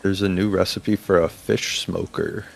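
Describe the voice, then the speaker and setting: A low-key man with a very deep, gravelly voice, chatting dryly while he plays. His replies are short and understated. Faint music plays in the background. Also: level tone, a little slow. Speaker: co-player on stream. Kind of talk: casual gaming chat.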